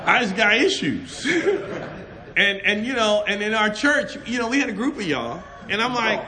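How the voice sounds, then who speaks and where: A middle-aged man preaching a sermon, loud and animated, telling stories and laughing between them. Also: high-pitched, normal speed, crowd noise. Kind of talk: lively storytelling sermon.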